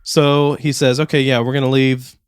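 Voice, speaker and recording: A man's voice: mid-range voice, level tone, moderate pace, smooth, no echo, clean studio sound. A young man co-hosting a podcast, telling an embarrassing story about himself. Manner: self-mocking, laughs at his own story. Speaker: podcast co-host. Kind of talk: casual storytelling chat.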